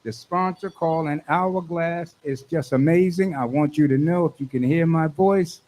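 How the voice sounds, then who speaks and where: A man hosting a radio show in a studio, excitable and fond of repeating his lines for emphasis. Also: fairly high pitch, normal speed, low-quality recording. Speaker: radio host.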